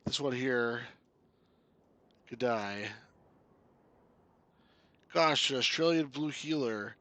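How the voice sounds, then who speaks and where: Chatty bright-voiced man playing a game. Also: mid-range voice, normal speed, no room sound. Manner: chatty, laughs often, reads game text aloud. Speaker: game reviewer. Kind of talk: casual gameplay commentary.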